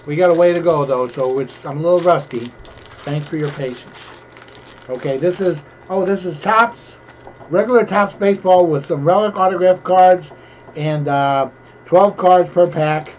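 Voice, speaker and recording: A man's voice: fairly high pitch, a little mellow. A middle-aged man opening packs of cards in casual, rambling commentary with jokey asides, recorded at home. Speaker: host opening card packs. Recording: dull lo-fi home recording with faint hiss.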